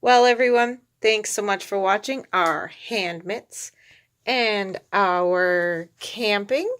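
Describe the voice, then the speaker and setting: A woman hosting a video, reading a storybook aloud with chatty relaxed asides. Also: medium pitch, takes it slowly. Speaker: reborn doll collector and video host. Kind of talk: storybook read-aloud with hand puppets.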